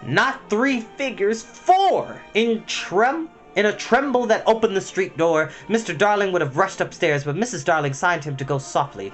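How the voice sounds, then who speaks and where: A man reading a storybook aloud at bedtime, expressive and dramatic with a gentle touch. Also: sits high, normal speed, few pauses, faint music behind.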